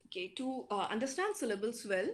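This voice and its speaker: A woman with an Indian English accent lecturing students online, explaining slowly with frequent fillers. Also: a little high, very animated.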